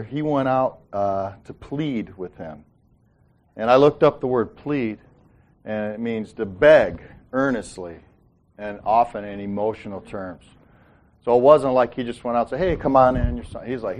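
A man leads a relaxed Bible study, mixing scripture with jokes and folksy asides. He acts out the characters' lines with a lively, conversational delivery. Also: medium pitch, moderate pace. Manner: folksy, joking, acts out quotes. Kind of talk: informal Bible teaching.

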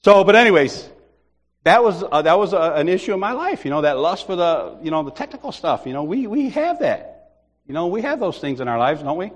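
A man's voice: sits high, sing-song, a little fast. A man preaching a sermon, telling a comic personal story, acting out other people's voices and laughing often.

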